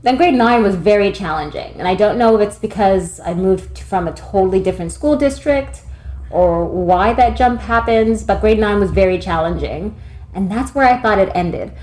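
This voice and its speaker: A candid woman in her thirties, talking casually and freely about herself. Her voice sits at a middle pitch and carries a roomy echo around it. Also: animated, normal speed, a little mellow. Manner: candid, self-deprecating, laughs often. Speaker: podcast guest, admin staff at a tutoring studio. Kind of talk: casual interview chat.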